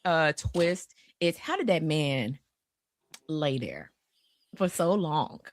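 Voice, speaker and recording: A woman co-hosting a casual podcast about horror films, talking in an animated way, often restarting her sentences and acting out the quotes she gives. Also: sits low, slow, dry recording. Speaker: podcast co-host. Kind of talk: casual horror film discussion.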